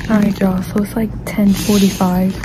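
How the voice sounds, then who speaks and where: A woman's voice: mid-range voice, level tone, moderate pace, low-quality recording. A young woman vlogging from a hospital bed before surgery, nervous and chatty, talking to viewers on her phone. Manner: nervous, chatty, says y'all. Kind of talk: casual phone vlog. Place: hospital pre-op room. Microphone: phone camera.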